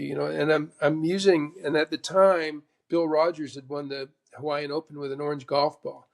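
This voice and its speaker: Gravelly man telling stories. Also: on the high side, normal speed. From Canada. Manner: lively storyteller who acts out other people's lines. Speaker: guest, former tour golfer. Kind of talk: casual interview chat.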